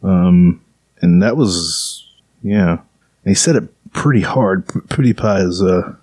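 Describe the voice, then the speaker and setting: A man talks casually as a podcast host, wandering through his thoughts with plenty of fillers and a sarcastic edge. His voice sits low. The sound is dry and close. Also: takes it slowly, a little mellow, husky, dry recording. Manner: rambling, sarcastic, lots of fillers. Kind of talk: casual chat.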